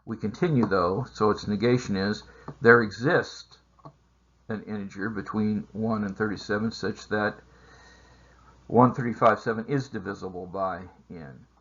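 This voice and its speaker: A man teaching a math lesson over slides, explaining steps in a measured way with frequent filler sounds. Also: on the low side, steady tone, a bit bright, muffled recording. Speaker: math instructor. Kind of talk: recorded lecture over slides.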